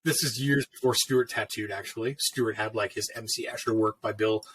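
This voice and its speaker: The middle-aged tattoo artist's voice is on the low side, fairly even, at normal speed, with a fairly bright tone and a little hiss or hum. He's casually telling shop stories, relaxed and cursing freely, acting out what people said.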